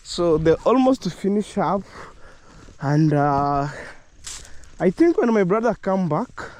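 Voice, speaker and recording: A man's voice: sits high, very animated, slow pace, a little mellow. A man chatting casually to his viewers outdoors on a rural farm, laughing often and apologizing as he herds cows. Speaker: village life vlogger. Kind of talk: casual vlog talk to viewers.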